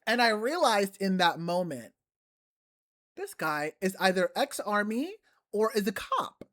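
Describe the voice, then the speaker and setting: A woman co-hosting a chatty podcast, her pitch swinging up and down as she talks. She tells a personal story bluntly, with plenty of swearing, then turns to the listeners. Her pitch sits in a middle range. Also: big pitch swings, measured pace, fairly bright tone. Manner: candid, profane storytelling. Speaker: podcast co-host. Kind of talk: casual chat.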